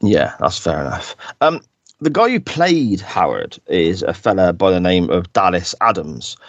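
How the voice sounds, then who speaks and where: A man co-hosting a podcast, chatting casually and acting out quotes in exaggerated high voices. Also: sing-song, a little slow, no echo, dull audio. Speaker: podcast co-host. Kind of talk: casual chat.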